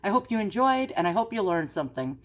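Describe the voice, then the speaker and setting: A woman's voice: medium pitch, sing-song, fast talker. A woman with a New York accent hosting an antiques vlog, chatting casually and rambling with plenty of fillers. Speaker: antiques vlogger. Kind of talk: casual screen-share commentary.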